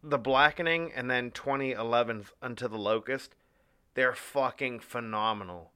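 Young man, podcast co-host, bright forceful tone, dry close sound, enthusiastic and profane. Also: medium pitch, moderate pace, clear, resonant tone, no room sound. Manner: enthusiastic, swears freely. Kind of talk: casual chat.

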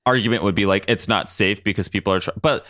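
A man's voice: fairly low pitch, fast, dry recording, studio quality. A young adult man co-hosting a podcast, chatting casually with lots of side comments. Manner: lively, chatty, throws in asides. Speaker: podcast co-host. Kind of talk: casual recap chat.

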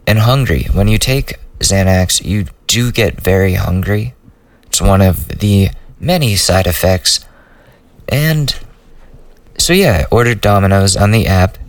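A man's voice: lowish voice, no echo, distant mic. A young man hosting a solo podcast, rambling loosely through a profane personal story in a casual way. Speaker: podcast host.

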